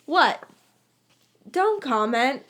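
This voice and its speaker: A woman voicing an irritated teenage schoolgirl witch with a sharp, curt way of talking, reading a story aloud. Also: sits high, sing-song, very slow, exaggerated voice.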